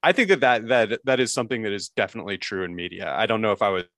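A man's voice: lowish voice, rapid-fire, fairly bright tone, dry recording, studio quality. A man appearing as a podcast guest in casual chat, analytical and hedging his points.

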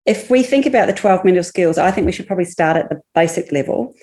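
A woman's voice: on the low side, animated, fast talker. A woman psychologist, a podcast guest, explaining ideas with stories in casual chat. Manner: warm explanatory, storytelling.

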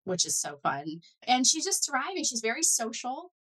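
A woman's voice: sits high, moderate pace, slightly rough, rough recording. A middle-aged woman talking as an interview guest, telling her story with lots of "like" and "you know". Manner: animated storyteller, many "like" and "you know" fillers. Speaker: guest, foundation director and neuroscientist. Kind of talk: conversational interview.

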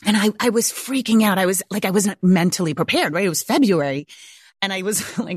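A woman's voice: mid-range voice, fairly quick, no room sound. A woman in her forties, a homeschooling mother, telling a personal story to viewers in a candid, casual way, close to tears, swearing and laughing often.

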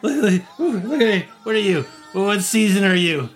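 A man voicing a rude, jeering male goblin who mocks in a high, cackling voice. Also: sing-song, a little fast, soft background music. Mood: mocking.

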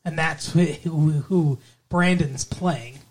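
A man's voice: a little high, takes it slowly, breathy edge. A man hosting a casual podcast chat, rambling, trailing off and correcting himself as he goes. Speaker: podcast host.

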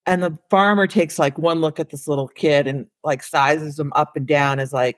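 A woman's voice: low voice, moderate pace, dry recording. Chatty woman with a dry close mic. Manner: animated, chatty, many "like"s and "you know"s. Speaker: elementary school counselor, podcast guest. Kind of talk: casual storytelling in an interview.

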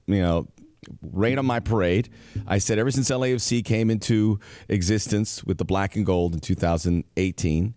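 Lower-voiced male podcast co-host, playful and animated, in a dry, close-miked room. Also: dry recording. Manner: jokey, animated, quick asides. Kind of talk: casual sports podcast chat.

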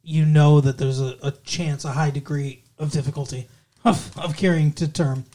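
A man's voice: a little high, steady tone, normal speed, dark tone. A man co-hosting a podcast, chatting casually and cracking wry jokes, with casual swearing. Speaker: podcast co-host. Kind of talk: casual chat recapping a TV episode.

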